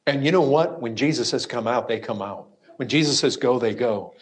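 A man preaching a sermon, emphatic, moving from raised, ringing lines to quiet, hushed asides. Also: mid-range voice, a little fast. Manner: emphatic, swings between loud cries and hushed asides.

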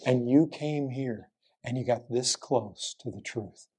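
The preacher is a man who talks a little slowly, his voice slightly rough. He fills the sermon with rhetorical questions, swinging between urgent, raised lines and hushed, quiet ones.

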